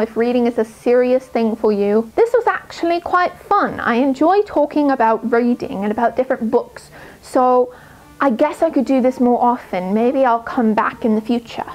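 A woman's voice: on the high side, normal speed, a little mellow, lightly acted, poor audio. A woman voicing an earnest, studious teenage girl witch in a put-on British accent, giving precise, lecturing advice. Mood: prim, earnest.

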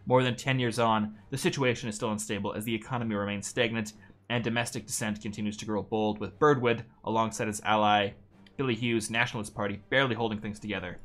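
Chatting casually while streaming a strategy game, a man reads game text aloud, curses freely, and trips over names, all in a relaxed manner. He speaks fast in a lowish, steady, slightly bright voice.

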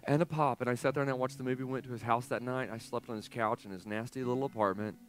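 A man's voice: medium pitch, fast talker, soft background music. Man in his forties, storytelling pastor. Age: 40s. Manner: animated storyteller, swinging from hushed to loud. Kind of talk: sermon with a personal story. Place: church sanctuary.

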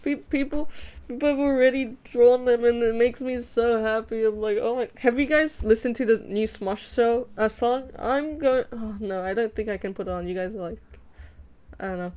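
A woman's voice: fairly high pitch, moderate pace, a little mellow, clean tone, low-quality recording. A young woman chatting casually on a livestream while drawing, reading chat aloud, giggling and swearing now and then. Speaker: streamer. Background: background music.

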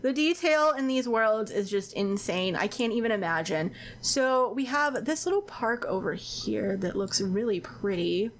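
A woman giving casual gameplay commentary as a YouTuber, gushing and excitable, with frequent gasps and exclamations. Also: mid-range voice, unhurried, hardly any pauses, a little hiss or hum.

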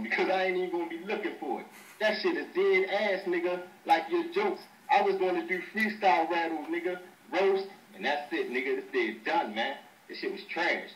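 A man talking loose, profane, dismissive smack between rap battle rounds over a voice chat mic. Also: a little high. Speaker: battle rapper. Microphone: webcam chat mic. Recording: roomy distant webcam audio with faint hiss.

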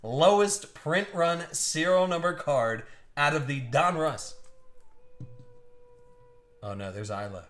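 A man hosting a live card-break stream from a room at home, with excitable, teasing commentary and frequent laughs. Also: a little high, slow pace, long pauses. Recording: roomy echo.

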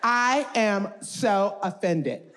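A woman's voice: mid-range voice, very slow, heavy background noise. A woman doing stand-up comedy with a scolding, drawling delivery. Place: stage before a live audience.

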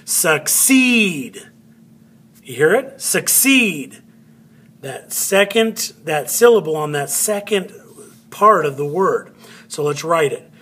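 A male teacher walks a class through a phonics lesson, speaking slowly and saying words over and over to stress a syllable. His voice is a little husky, and he now and then moves away from the mic while he writes. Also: a little high, animated, fairly bright tone. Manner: slow, drawn-out words, spelling letters aloud.

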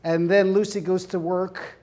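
A man teaching a class in an animated way, acting out scenes and laughing often. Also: sits high, a little slow. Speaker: hypnotherapy instructor. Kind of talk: lecture with acted-out examples.

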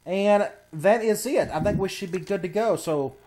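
A man's voice: high-pitched, normal speed, a little mellow, a little hiss or hum. A man giving casual, laid-back commentary on a video game, thinking aloud as he browses menus and plays.

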